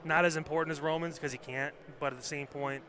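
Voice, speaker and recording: A man's voice: fairly high pitch, fairly even intonation, fast talker, bright, forceful tone, a little hiss or hum. A man co-hosting a wrestling podcast in casual chat, blunt and swearing freely. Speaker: podcast co-host.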